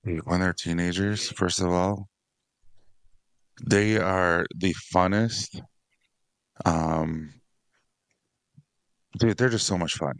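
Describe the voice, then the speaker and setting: A man's voice: low-pitched, steady tone, slow pace, pauses often, fairly bright tone, smooth, no echo, studio quality. A man who is a father of six, talking casually on a dads podcast, rambling and laughing often. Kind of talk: casual conversation.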